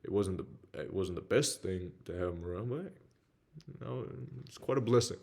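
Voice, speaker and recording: A young man with a Southern accent talks frankly about his own life as a motivational speaker, his low, mellow voice moving at normal speed with lively intonation. His manner is blunt and slangy, full of "man."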